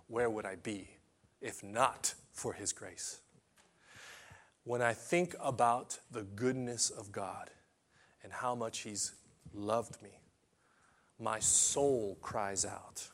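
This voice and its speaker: A man preaching a sermon in an impassioned way, swinging between hushed and loud passages and often repeating or restarting phrases. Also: fairly low pitch, takes it slowly.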